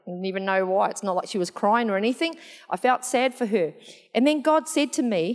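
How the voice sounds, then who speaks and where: A woman telling a story in a sermon, chatty and animated, laughing often. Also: medium pitch, fairly quick. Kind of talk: sermon testimony. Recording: long hall reverb.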